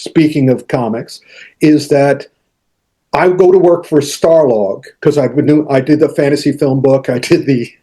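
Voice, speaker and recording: An older man telling animated anecdotes as an interview guest, acting out quotes, with frequent restarts. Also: mid-range voice, slightly rough. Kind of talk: casual storytelling interview.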